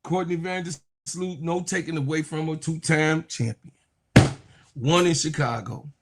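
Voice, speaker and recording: A man's voice: a little high, fairly even intonation, unhurried, slight background noise. A man giving casual, slangy reaction commentary on sports, mocking and acting out quotes as he talks.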